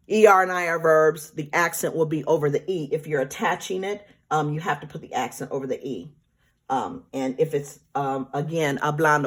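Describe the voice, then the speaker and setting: A woman teacher talks through a recorded grammar lesson, patient and methodical. Her voice sits a little low, and she keeps checking in with the class as she explains each step. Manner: patient, explanatory, repeats with checks like right and okay. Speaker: Spanish teacher. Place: classroom or home, remote teaching.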